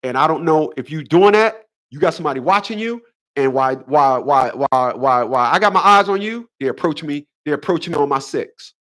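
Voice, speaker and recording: A man's voice: a little high, normal speed, a bit bright. A man in his fifties hosting a casual livestream monologue, emphatic and preachy, often repeating his phrases. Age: 50s. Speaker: host.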